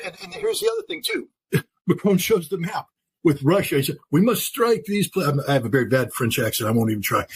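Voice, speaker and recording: An American man giving emphatic, forceful commentary as a guest analyst in an interview. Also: high voice, breathy edge, poor audio. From United States.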